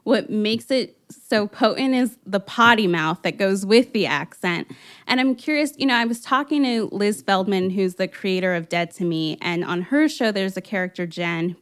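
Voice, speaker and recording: A woman's voice: mid-range voice, lively intonation, a bit bright. Curious woman interviewer. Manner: curious, measured questioning with long setups. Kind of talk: interview questions.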